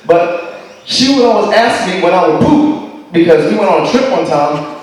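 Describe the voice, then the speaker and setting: A man's voice: high voice, animated, normal speed. A man doing a stand-up comedy set, telling stories about a girlfriend in a profane, exasperated way. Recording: echoey hall, distant mic.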